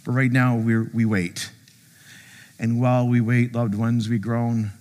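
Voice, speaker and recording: A man preaching a sermon as pastor, conversational and animated, joking with the congregation and acting out quotes. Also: mid-range voice, measured pace, in a large hall. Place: church sanctuary.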